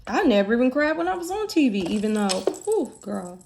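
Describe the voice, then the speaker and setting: A woman's voice: fairly high pitch, very animated, a little fast, vocal fry, background noise. A woman from the United States talking candidly in a casual vlog, chatty and full of fillers. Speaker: vlogger.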